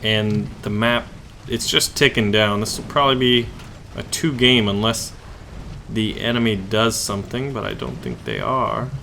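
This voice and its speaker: A man hosts his gaming channel with live commentary over his own match, joking and getting excited as the action turns. His voice is bright and forceful, and he talks to himself and to his enemies as he plays. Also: fairly low pitch, normal speed, vocal fry, a little hiss or hum.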